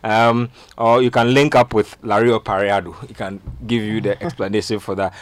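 A man's voice: fairly low pitch, little pitch movement, normal speed. A man with a Ghanaian accent hosting a sports talk show, reading listener messages with chuckles. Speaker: radio sports show host.

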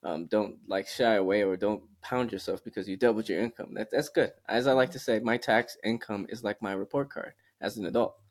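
A man co-hosting a podcast, giving his views in a measured, reflective way with some "um"s. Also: on the low side. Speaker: podcast co-host. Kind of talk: casual chat.

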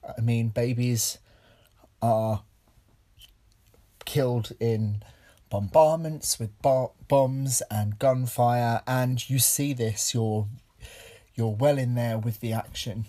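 A man hosting a film podcast, speaking earnestly and haltingly with many pauses, audibly moved. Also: mid-range voice, warm tone. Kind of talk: casual film review podcast.

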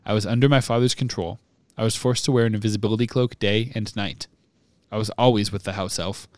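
A drugged young man speaking in a flat, expressionless monotone, as a man reads him aloud. The voice is slightly low and quiet, and the recording is dry. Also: fast talker, dry recording, natural voice.

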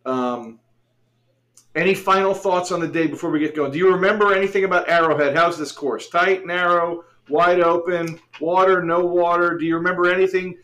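A man's voice: sits high, fairly even intonation, moderate pace, a bit bright. A man hosting a casual podcast, joking around in a mock sportscaster way and laughing often. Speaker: podcast host.

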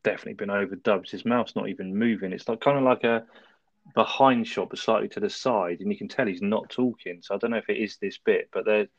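A man, co-hosting a casual film review chat, recapping the plot in a relaxed way and laughing often. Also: on the low side, fast talker, no room sound, muffled recording. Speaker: podcast co-host.

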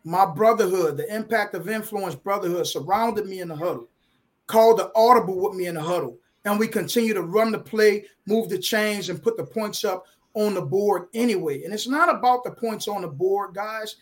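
A man with a high voice, speaking at normal speed, appears as a guest author on a live online video feed. His motivational talk is emotional and preachy, leaning on sports metaphors.

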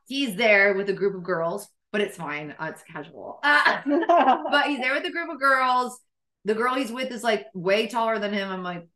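A young woman with a bright, sharp voice tells a dating story to her co-hosts. She is animated, laughs often and swears freely. The sound is echoey, as if from a bare room. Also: fairly high pitch, moderate pace. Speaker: podcast co-host. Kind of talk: casual storytelling chat.

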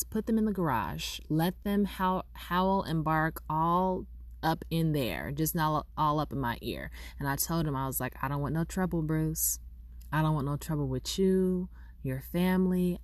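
A woman vlogger telling a personal story in a casual way, acting out both sides of the conversation with lively delivery. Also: low-pitched, no room sound. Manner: animated, acts out both sides of a dialogue.

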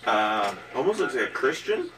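A man's voice: medium pitch, big pitch swings, normal speed, distant mic, a crowd in the background. A man co-hosting a casual wrestling watch-along, talking over the broadcast with crude jokes and rambling commentary. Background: TV broadcast with music.

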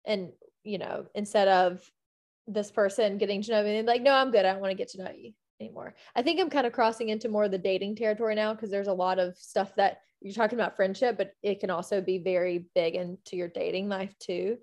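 A woman's voice: medium pitch, fairly even intonation, a little fast, a little mellow. A young woman co-hosting a casual faith podcast, speaking candidly and poking fun at herself. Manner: candid, self-deprecating, quotes herself in voices. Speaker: podcast co-host.

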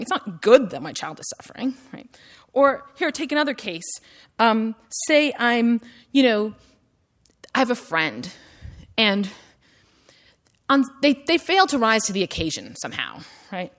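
A woman's voice: a little high, fairly bright tone. A woman giving a university lecture in a conversational style, full of "like" and "right?" tags and rising emphasis on her questions.

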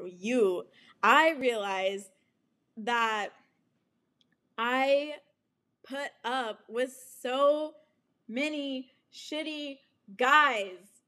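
Young woman host, unhurried and slightly high, candid profane storytelling with laughs. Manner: frank and profane, laughing often, with animated quoted asides. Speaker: podcast host.

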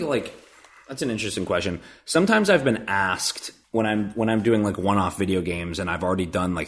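A man with a very deep, low-pitched voice talks as a guest in a relaxed interview. He speaks earnestly about his voice acting work. He thinks aloud and often restarts his sentences. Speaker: voice actor guest. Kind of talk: casual interview chat.

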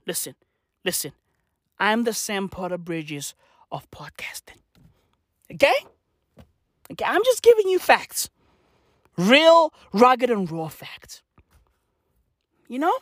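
Woman, podcaster, profane slangy rant, lively swooping pitch, slow drawn-out delivery. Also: dry recording, clean studio sound. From South Africa. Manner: profane, repetitive ranting with slangy asides.

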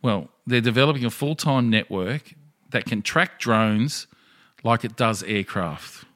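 A man's voice: mid-range voice, measured pace, a bit bright. An Australian man co-hosting a casual podcast chat, laid-back, swearing and reading out news items.

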